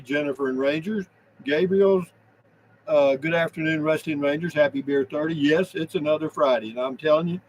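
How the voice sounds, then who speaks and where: A man's voice: on the high side, slight background noise, rough recording. A man hosting a casual live stream, greeting chat viewers one by one in a folksy, easygoing way. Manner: folksy, greets viewers one by one, drawling southern-style howdys. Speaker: livestream host reading chat.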